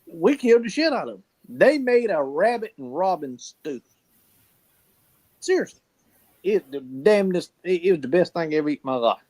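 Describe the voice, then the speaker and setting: A man's voice: sits high, very animated, moderate pace, darkish tone. A man telling folksy stories in casual chat, swearing freely and laughing often. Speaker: podcast co-host.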